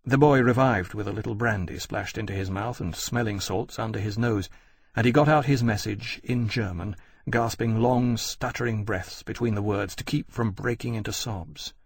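Husky male audiobook narrator. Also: on the low side, no room sound. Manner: measured, steady storytelling. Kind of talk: scripted narration.

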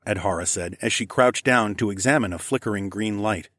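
A man reading a first-person story as an audiobook, relaxed storytelling with casual asides. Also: on the low side, fairly quick, dry recording, clean studio sound. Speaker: audiobook narrator.

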